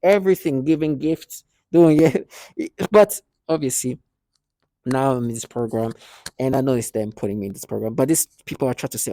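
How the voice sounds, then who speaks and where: A man talking casually to camera in a rambling, halting way, often restarting his sentences and acting out what others said. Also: medium pitch, warm tone, no room sound. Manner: rambling, halting, with many restarts and quoted asides. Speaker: vlogger.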